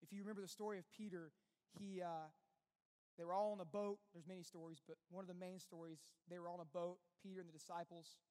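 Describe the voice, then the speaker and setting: A pastor preaching a sermon in an earnest, conversational way, full of rhetorical questions. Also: male voice, sits high, level tone, fast, warm tone. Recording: long reverb with faint music behind.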